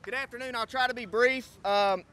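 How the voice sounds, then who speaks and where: A middle-aged man from Texas with a high-pitched voice gives a hurried speech at an outdoor press conference. He often restarts his sentences as he presses on. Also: steady tone, sharp tone, clean tone. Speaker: scout crew advisor.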